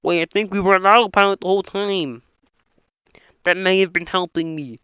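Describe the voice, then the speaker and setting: A man's voice: high-pitched, fairly even intonation, moderate pace, clear, resonant tone, no echo. A man doing an impression of a nasal puppet frog, reading every part of a film script in that one voice. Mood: frantic. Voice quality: nasal, bright and reedy. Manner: voices all the film's characters in one frog voice. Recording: dull, lo-fi, dry home mic.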